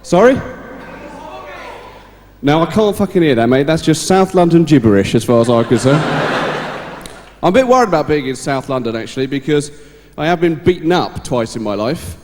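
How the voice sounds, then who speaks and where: A man's voice: on the high side, lively intonation, a little fast. A man doing stand-up comedy, bantering with the crowd and swearing as he goes. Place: large live venue stage. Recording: live hall with loud crowd and noise.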